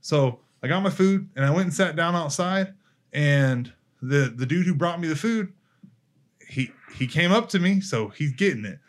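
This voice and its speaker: A man's voice: on the high side, normal speed. A young man casually telling a faith story, acting out the dialogue as he goes. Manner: animated storyteller, acts out dialogue, laughs easily. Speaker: podcast guest. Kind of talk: casual faith testimony chat.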